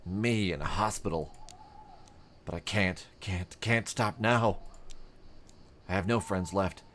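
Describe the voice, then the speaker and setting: A man voicing a drugged, desperate sea captain who speaks in halting, broken bursts of rage. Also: low voice, fairly bright tone, a little hiss or hum. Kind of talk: game character voicing.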